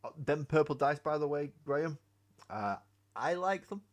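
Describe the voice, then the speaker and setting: A man's voice: a little high, expressive, moderate pace. A man hosting a casual live stream while painting miniatures, rambling, joking and swearing freely. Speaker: hobby streamer. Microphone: webcam mic.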